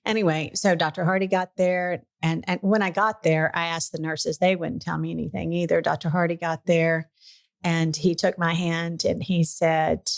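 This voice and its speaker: A middle-aged woman hosting a podcast, telling a personal story in casual chat, lively and earnest, at times emotional. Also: on the low side, normal speed, vocal fry. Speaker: podcast host.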